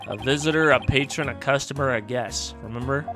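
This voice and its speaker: A man's voice: medium pitch, a little fast, music in the background, voice pushed down, lightly acted. A man voicing a dry, polite young lawyer.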